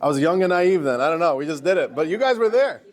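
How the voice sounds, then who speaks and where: A man's voice: on the high side, expressive, quick pace. A man teaching a class as a rabbi, telling jokes and addressing the listeners as dear friends. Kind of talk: lecture with jokes.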